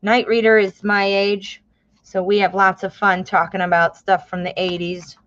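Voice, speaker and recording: Woman in her fifties, live tarot reader, chatty and excitable, slightly muffled stream audio. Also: medium pitch, normal speed. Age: 50s. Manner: chatty, excitable, exclaims often.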